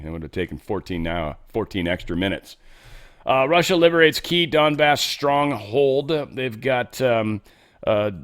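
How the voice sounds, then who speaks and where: A man with a fairly low voice runs through news headlines in a loose, casual commentary. He tosses in sarcastic, mocking asides between the items. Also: a bit bright. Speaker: host.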